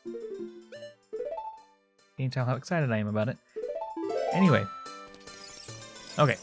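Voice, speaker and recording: Male streamer, chatty and rambling, mid-pitched, talking over game music. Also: lively intonation, a little slow. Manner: rambling, chats with viewers while playing. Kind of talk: casual gameplay chat. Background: video game music.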